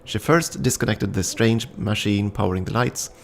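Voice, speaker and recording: A man's voice: lowish voice, normal speed, gravelly. A man casually commenting on a story game and reading its text aloud, thinking aloud with frequent ums. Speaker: game streamer.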